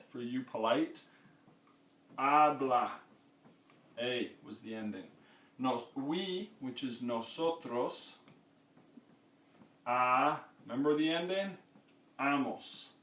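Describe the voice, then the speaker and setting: A man's voice: mid-range voice, lively intonation, slow, long pauses, a bit bright. A man teaching a lesson, explaining patiently step by step and often checking in with "okay?". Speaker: Spanish teacher. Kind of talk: classroom-style lesson. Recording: echoey room, mic far off.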